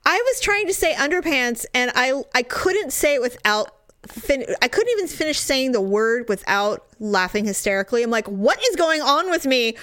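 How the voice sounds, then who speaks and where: A woman in casual chat with her sister, opinionated and quick to laugh. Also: fairly high pitch, no echo. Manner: animated, opinionated, laughs often. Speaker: sister of the other speaker.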